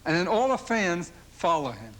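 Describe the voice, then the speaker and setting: A man's voice: sing-song, heavy background noise. A male stand-up comedian, firing off observational jokes on a late-night talk show and mimicking fans in silly voices. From Philadelphia. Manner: rapid-fire observational jokes, mimics fans and dog owners in high voices. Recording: old television broadcast with loud audience laughter. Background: studio audience laughing.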